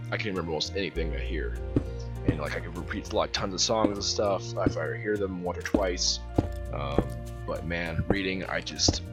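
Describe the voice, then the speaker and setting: Low-voiced young man rambling over music. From American South. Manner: rambling, many fillers and restarts, laughs often. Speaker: gaming channel host. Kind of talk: casual storytelling over gameplay. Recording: music playing behind voice.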